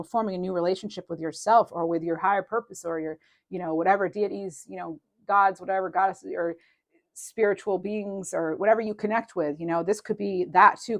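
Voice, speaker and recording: A woman giving a casual tarot reading to her viewers, rambling and animated, with many fillers and restarts and light laughs. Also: on the low side. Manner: laughs lightly while talking. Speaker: tarot reader.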